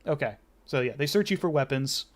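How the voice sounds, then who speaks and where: A man narrating as game master of a tabletop game, relaxed, with many fillers and restarts. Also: a little high, brisk.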